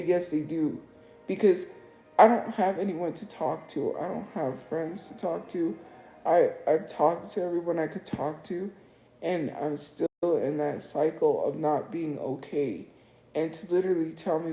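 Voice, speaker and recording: Speaking at a measured pace in a warm, lowish voice, a woman on a live stream delivers an upset, defensive monologue full of repetition. The audio has an echoey room sound and some faint music.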